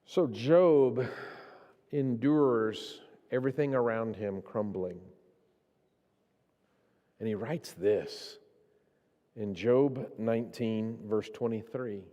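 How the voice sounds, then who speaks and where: Guy preaching a sermon, goes quiet then gets all fired up, church hall echo trailing off. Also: mid-range voice, slow pace, pauses often. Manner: impassioned, swings from hushed to raised. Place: church sanctuary. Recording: long reverb of a church hall.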